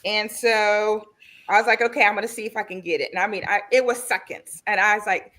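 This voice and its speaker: An excited woman recounting a find in a casual group chat about gardening. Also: mid-range voice, fairly quick. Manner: excited, enthusiastic. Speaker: panel guest.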